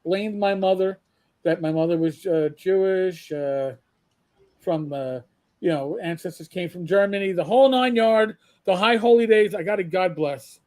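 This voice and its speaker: A man on a casual gaming podcast, telling lively anecdotes and acting out what he and others said. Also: sits high, normal speed. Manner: animated storyteller acting out his own quotes.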